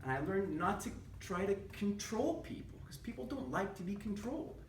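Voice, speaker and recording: A man giving a prepared speech to an audience, telling a humorous family story with animated delivery. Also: sits high, moderate pace, a little hiss or hum. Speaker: public speaker. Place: meeting room with an audience. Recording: echoey room from a distant mic.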